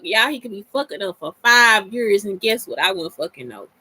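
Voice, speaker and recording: Blunt, foul-mouthed woman host, bright voice. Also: mid-range voice, expressive, brisk, husky. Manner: blunt and profane, talks straight to listeners. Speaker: podcast host. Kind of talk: casual monologue answering listener questions.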